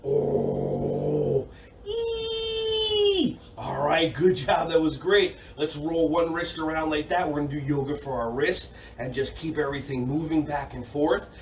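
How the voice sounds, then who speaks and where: A man's voice: a little high, steady tone, normal speed, few pauses, noisy background. Upbeat guy running a kids karate and yoga class, lotsa "good job", kinda far off the mic. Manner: cheerful, encouraging, repeats praise, bursts into shouts. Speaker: kids' yoga and karate instructor. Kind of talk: upbeat kids' class instruction. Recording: echoey room, voice off-mic.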